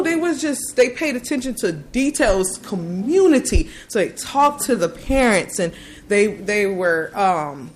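A woman's voice: medium pitch, a little slow, noisy background. Earnest woman telling her story. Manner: earnest, animated storytelling with many restarts. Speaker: parent giving testimony. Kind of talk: personal testimony.

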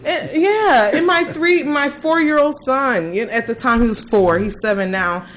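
A woman in her thirties, a parent giving personal testimony, telling her story in an earnest, animated way with many restarts. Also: fairly high pitch, normal speed.

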